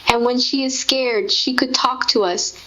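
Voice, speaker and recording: A woman's voice: high voice, steady tone, measured pace, a bit bright, slight background noise. A woman speaking as a grieving mother in a tender, heartfelt conversation. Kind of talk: intimate spoken conversation. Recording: dull lo-fi recording.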